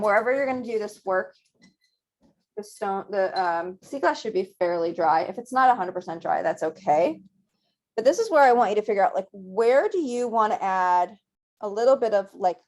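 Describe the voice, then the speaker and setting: A woman teaching a virtual painting class, guiding students gently step by step at a close mic. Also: medium pitch. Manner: gentle, encouraging step-by-step guidance. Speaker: painting instructor.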